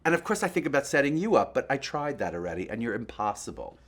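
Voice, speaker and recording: Male host, gossipy and playful, lively swoops in pitch, mid-pitched voice. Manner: animated, chatty, breaks into quick impressions. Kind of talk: gossipy comic monologue to a puppet.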